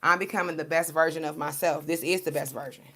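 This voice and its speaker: A woman talks to her viewers as a tarot card reader. Her voice is gravelly and sits fairly low, and she sounds animated and preachy, laughing often and swearing freely. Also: quick pace. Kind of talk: casual spiritual pep talk to viewers.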